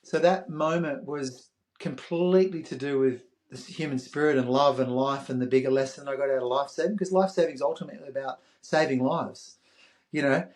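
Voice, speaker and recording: A man's voice: mid-range voice, a little fast. An Australian man in his fifties, a podcast guest telling a story with animation and acting out the voices of others. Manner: animated, acts out quoted voices. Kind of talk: interview storytelling.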